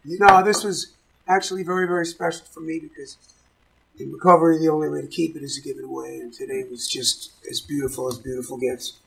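A man hosting a recovery show, talking in an excitable, emotional way and breaking into joyful shouts. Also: a little high, quick pace, vocal fry, slight background noise, low-quality recording. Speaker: host of a recovery program show. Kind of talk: enthusiastic show segment.

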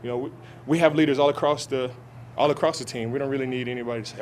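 Fielding press questions at outdoor training camp, a young football player speaks haltingly, full of restarts and fillers. His voice is mid-range and steady, and a little background noise is present.

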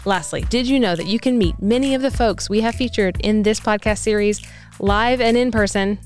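A woman's voice: medium pitch, brisk, a little mellow, faint music behind. A woman hosting a podcast, reading an upbeat outro and thanking listeners. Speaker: podcast host.

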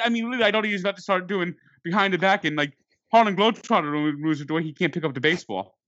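Fired-up man ranting in a bright voice. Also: high-pitched, no room sound. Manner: exasperated, animated, stumbling restarts. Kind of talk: ranting sports storytelling. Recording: dull lo-fi dry recording.

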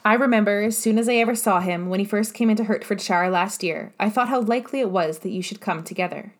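A woman reading aloud, voicing an excitable middle-aged mother who gushes in a high, breathless voice. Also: fast talker, natural voice. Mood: excited.

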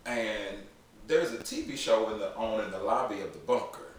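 A man co-hosting a casual podcast chat, rambling with halting restarts. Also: on the low side. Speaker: podcast co-host. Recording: echoey room, mic far off, faint noise.

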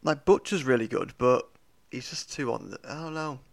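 A man's voice: mid-range voice, normal speed, gravelly. A man in casual chat, laid-back and a bit hesitant, swearing casually.

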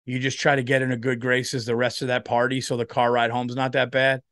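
Tired, rambling profane comedian. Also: male voice, medium pitch, flat delivery, a little fast, fairly bright tone, dry recording, studio quality. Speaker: comedian and podcast host. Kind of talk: rambling solo comedy podcast.

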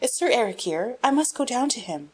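A woman reading an audiobook, voicing an eager, excitable young boy duke with high, breathless cries. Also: brisk, slightly rough, rough recording. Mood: overjoyed.

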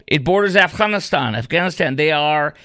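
Male radio host, emphatic, indignant, smooth resonant voice, dry studio mic. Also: on the high side, animated, fairly quick, sharp tone, no echo. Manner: emphatic, indignant, with many fillers. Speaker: radio talk show host. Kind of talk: talk radio commentary and call-in. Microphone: studio microphone.

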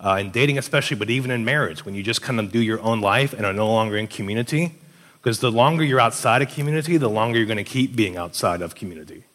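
A young man giving casual relationship advice, telling stories and acting out the voices of people he quotes. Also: lowish voice. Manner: animated storyteller, acts out quoted voices. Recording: long hall reverb.

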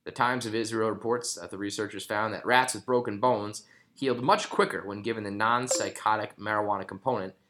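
A man's voice: lowish voice, steady tone, a little fast, fairly bright tone, a little hiss or hum. A man in his thirties hosting a casual news commentary show, rambling and joking with plenty of profanity. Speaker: host.

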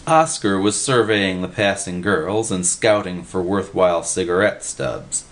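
A man narrating an audiobook story in a steady storytelling voice. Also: sits low, unhurried.

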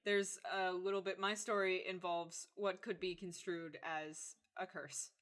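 A woman's voice: on the low side, flat delivery, measured pace, fairly bright tone. A young woman co-hosting a podcast in casual chat, bubbly and jokey, sometimes trailing off mid-thought. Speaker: podcast co-host.

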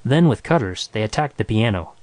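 A man's voice: lowish voice, no echo. Man reading a story aloud. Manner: even, measured reading. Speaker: narrator. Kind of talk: scripted story narration.

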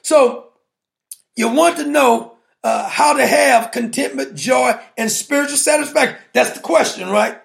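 A man's voice: extremely high pitch, unhurried, creaky. A man preaching a sermon in a colloquial, playful way, firing rhetorical questions and laughing with the congregation.

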